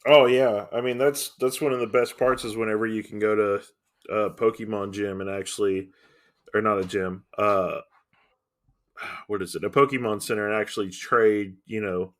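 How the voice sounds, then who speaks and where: Low-voiced, hesitant podcast co-host man. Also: steady tone, moderate pace. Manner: hesitant, thinking aloud. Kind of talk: casual chat.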